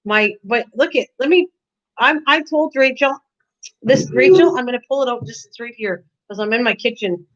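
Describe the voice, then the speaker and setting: Older woman, casual streamer from her kitchen, talks to viewers and laughs a lot; a bit high-pitched, muffled stream audio. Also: expressive, moderate pace. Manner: chatty, talks to viewers by name, laughs often. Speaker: live-stream host. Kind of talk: casual live-stream chat. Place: home kitchen.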